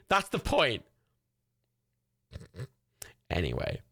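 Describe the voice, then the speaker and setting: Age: young adult. Role: excitable, swearing streamer. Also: medium pitch, a little fast, no room sound, clean studio sound. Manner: swears freely, laughs often, excitable. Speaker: streamer hosting a film watch party. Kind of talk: casual livestream chat, reading out chat and gifts.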